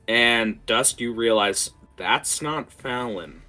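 A man running a tabletop game as game master, talking in a lively, rambling way with fillers. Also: medium pitch, takes it slowly, hardly any pauses, soft background music.

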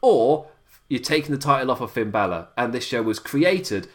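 A man's voice: medium pitch, very animated, normal speed. A young man hosting a podcast, rambling casually and thinking aloud, with frequent short laughs. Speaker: podcast host.

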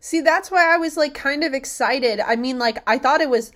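A woman's voice: sits high, moderate pace. A young woman in casual chat, swearing freely and acting out quotes with big bursts of energy. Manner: animated, swears a lot, acts out loud quotes.

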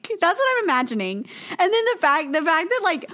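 A young woman co-hosting a podcast in casual chat, animated and giggly, acting out silly quotes. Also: extremely high pitch, fast. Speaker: podcast co-host.

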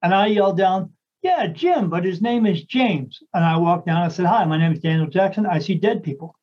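A man's voice: high-pitched, steady tone, brisk, muffled recording. A man, a psychic medium, chatting casually and telling a long story in a rambling way, with lots of restarts and acted-out quotes.

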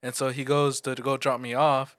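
A young man in casual chat, telling a lively, profane story about a friend. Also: medium pitch, fairly quick, dry recording, studio quality.

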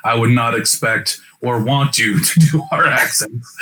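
Pittsburgh guy co-hosting, bright forward voice, casual, trails off. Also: medium pitch, wildly swooping pitch, slow, husky. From Pittsburgh, United States. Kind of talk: casual interview chat.

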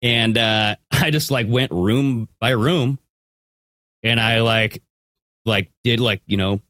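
A man's voice: mid-range voice, steady tone, slow pace, a bit bright, no room sound, clean studio sound. A man co-hosting a podcast in casual chat, laid-back, swearing, full of fillers. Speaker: podcast co-host.

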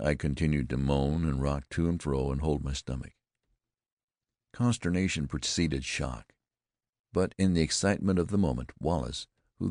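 A male audiobook narrator with an exceptionally deep, gravelly voice tells a first-person tale in a measured, deliberate way. The close microphone gives a dry, intimate sound with no room around it. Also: a little mellow, no echo.

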